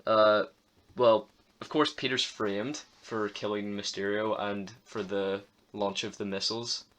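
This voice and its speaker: Bright-toned teenage boy reviewing films. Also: fairly low pitch, fairly even intonation, measured pace. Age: teens. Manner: chatty, repeats words and restarts, casual swearing. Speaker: podcast co-host. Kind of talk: casual film review chat.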